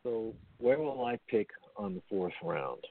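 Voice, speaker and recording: A fairly low-pitched man with big pitch swings speaks at a measured pace, with no room sound. As co-host of a casual recovery talk show, he explains earnestly and repeats phrases often, heard by phone and not through his headset.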